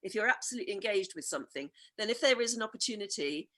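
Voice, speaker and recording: An eager woman co-hosts a relaxed interview. She asks her guest questions and reads out viewer messages, and her pitch sits in the middle for a woman. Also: rapid-fire. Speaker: co-host. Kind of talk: casual chat show interview.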